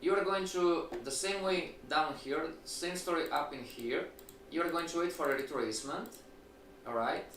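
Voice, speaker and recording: A fairly high-voiced man teaches a trading class with lively rhetorical questions. He sounds set back from the mic in an echoey room. A faint hiss runs under his voice. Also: normal speed, distant mic. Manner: animated, rhetorical questions, acts out students' replies. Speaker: trading instructor. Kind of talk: live-streamed lecture.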